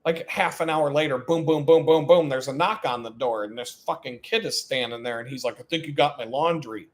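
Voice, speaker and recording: A man telling stories on a live stream, animated and profane, breaking into laughs. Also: mid-range voice, brisk. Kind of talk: casual storytelling on a live stream.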